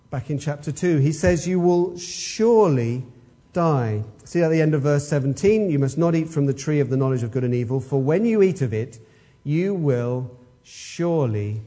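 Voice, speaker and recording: A man's voice: fairly high pitch, lively intonation, brisk, warm tone. A man preaching an expository sermon, emphatic and fond of rhetorical questions.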